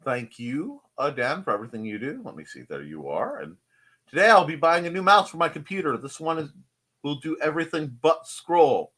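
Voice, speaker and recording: Lively bright-voiced man hosting a stream. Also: on the high side, brisk. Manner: rambling, jokey, greets chatters. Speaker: live stream host. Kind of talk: casual live-stream chat. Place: home desk at his computer.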